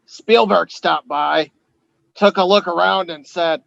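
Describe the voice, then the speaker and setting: Gravelly guy on a podcast mic, swears a lot, crude jokes, dull lo-fi sound. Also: high-pitched, slow pace, pauses often, fairly bright tone, no room sound. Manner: crude, joke-telling, swears freely. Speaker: podcast co-host. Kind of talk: casual comedy podcast banter.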